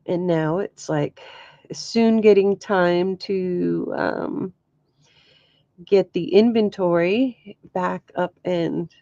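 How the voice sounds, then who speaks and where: A woman's voice: lowish voice, warm tone, no echo, lo-fi sound. A middle-aged woman chatting casually to camera as a crafts vlogger, telling stories with frequent laughs and exclamations. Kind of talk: casual chat.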